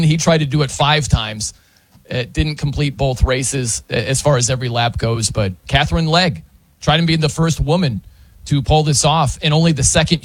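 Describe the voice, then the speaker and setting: Lively man talking sports. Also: fairly high pitch, no room sound. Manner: animated, laughs often, slips into mock announcer voices. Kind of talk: casual sports talk.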